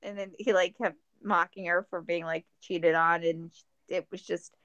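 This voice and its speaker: A woman co-hosting a podcast in casual chat, joking and rambling through plans in an animated way. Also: fairly low pitch, moderate pace, no room sound, dull audio. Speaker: podcast co-host.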